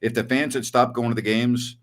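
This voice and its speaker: A middle-aged man and sports radio host telling a story in casual podcast chat, animated and acting out voices. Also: mid-range voice, fairly quick.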